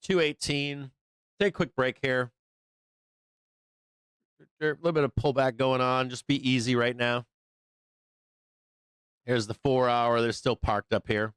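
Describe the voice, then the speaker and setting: A hoarse man hosting a live trading show, giving loose, profane, rambling market commentary on a close microphone. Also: medium pitch, fairly even intonation, unhurried, pauses often, a bit bright, dry recording. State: hoarse, losing his voice.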